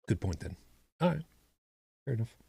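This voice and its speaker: A man's voice: mid-range voice, very animated, normal speed, gravelly, mellow, slightly rough, no room sound. A man co-hosting a podcast, chatting casually with a rambling, self-correcting manner and dry humor. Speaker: podcast co-host. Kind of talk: casual chat.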